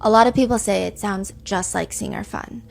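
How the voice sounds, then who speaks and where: A woman's voice: medium pitch, steady tone, fairly quick, creaky, soft background music. A woman hosting a true crime podcast, chatting casually and animatedly, piling up speculative rhetorical questions. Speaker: podcast host.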